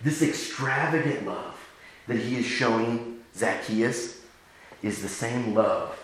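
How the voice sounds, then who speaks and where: A pastor delivers a sermon from his church, swinging between a raised voice for characters and a lower, earnest tone. His voice is bright and clear, with playful humor. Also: takes it slowly. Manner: acts out characters with raised pitch, jokes with the congregation. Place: church sanctuary.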